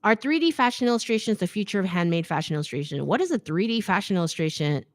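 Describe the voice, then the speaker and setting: A woman's voice: medium pitch, expressive, quick pace, no echo. Chatty woman reading out comments on her livestream, lots of "like", super dry close sound. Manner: chatty, laughs often, says "like" a lot. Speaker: fashion YouTuber hosting a live Q&A.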